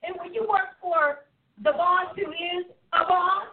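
Brief: exuberant woman show host, high voice, phone-thin sound. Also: steady tone, unhurried, phone-quality sound. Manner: exuberant, preachy, laughing. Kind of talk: lively live show chat.

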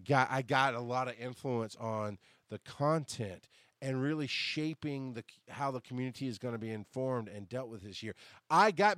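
A man hosting a podcast, telling a long story in a casual, animated way. He swears freely and laughs at himself. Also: mid-range voice, no echo, clean studio sound. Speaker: podcast host.

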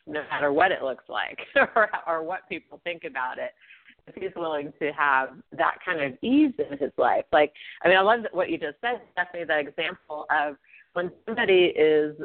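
Giggly woman co-host on a tinny line. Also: low-pitched. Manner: laughs often, eager agreeing. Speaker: podcast co-host. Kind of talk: casual chat. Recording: tinny phone-like sound.

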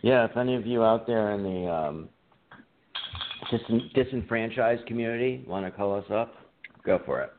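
A man's voice: on the low side, normal speed, background noise. A man co-hosting a podcast in casual chat, joking around with a profane, laughing manner. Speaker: podcast co-host. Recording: tinny phone-like audio.

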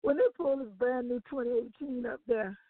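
Woman, gospel radio co-host, animated testimony, dry phone-line audio. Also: a little high, brisk, no room sound. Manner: animated storytelling with laughs and acted-out quotes. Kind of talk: testimony on a gospel talk show.

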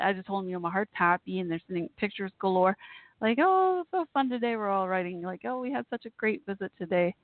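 A woman's voice: mid-range voice, dry recording. A woman hosting a live call-in show, chatting in a rambling, friendly way with lots of fillers and restarts. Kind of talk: casual live chat show. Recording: tinny phone-line sound, dry.

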